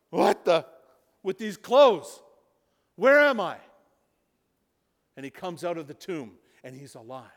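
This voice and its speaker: A man preaching a sermon, retelling a story, dropping to a hush and then building to loud emphasis. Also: sits high. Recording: reverberant hall.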